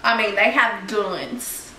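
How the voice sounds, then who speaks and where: A young woman playing a giggly small-town girl who loves horses, talking haltingly in a mock reality-show confessional. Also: medium pitch, sharp tone. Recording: echoey room with faint noise.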